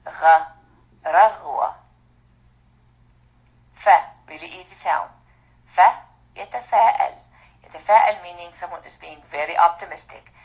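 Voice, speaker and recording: A woman teacher in a recorded lesson, modelling each sound slowly. She explains tongue position between sounds in a plain, patient voice. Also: mid-range voice, poor audio. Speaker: Arabic teacher. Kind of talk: pronunciation lesson.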